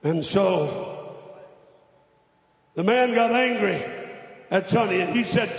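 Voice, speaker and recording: Preacher, dramatic storyteller, tenor-high, recorded in a roomy reverberant hall. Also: male voice, expressive, slow, creaky, pauses often. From Georgia, USA. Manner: dramatic, builds from hushed to loud. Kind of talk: storytelling sermon. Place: large revival meeting hall.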